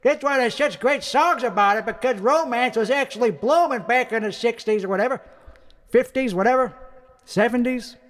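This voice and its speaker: A man's voice: very high voice, moderate pace, fairly bright tone, long reverb tail. A young man giving a brash, profane, rambling comic rant at a karaoke night. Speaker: comedian. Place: karaoke bar.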